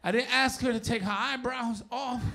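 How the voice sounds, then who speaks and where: A middle-aged man with a New York accent doing a profane stand-up set on a live stage, often shouting his punchlines and laughing through the bits. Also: very high voice, steady tone, moderate pace, noisy background. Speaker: stand-up comedian. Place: live comedy stage before an audience.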